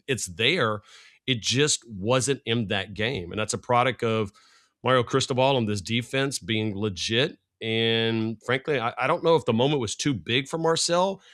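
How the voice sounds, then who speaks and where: A middle-aged man, a sports analyst guest, talking fast and rambling in casual podcast chat. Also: lowish voice, bright, forceful tone.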